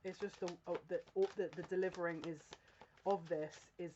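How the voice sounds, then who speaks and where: A woman's voice: fairly low pitch, fairly even intonation, a little fast, mellow, a little hiss or hum. A woman reads for her viewers in a casual, confiding tone of voice. She keeps breaking into giggles and restarting her sentences. The home recording sounds a little dull. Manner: earnest, confiding, direct address to viewer. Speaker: psychic reader. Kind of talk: casual tarot-style general reading to camera.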